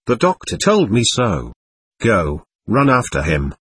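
A man reading an urgent young noblewoman in a hurried whisper, with a husky voice. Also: lowish voice, huge pitch swings, a bit bright, no room sound, studio quality, exaggerated voice. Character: anxious commanding young noblewoman.

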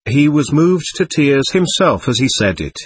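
A man narrating a classic novel aloud with a dramatic, expressive reading. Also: a little high, measured pace, slightly rough, no room sound. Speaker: audiobook narrator.

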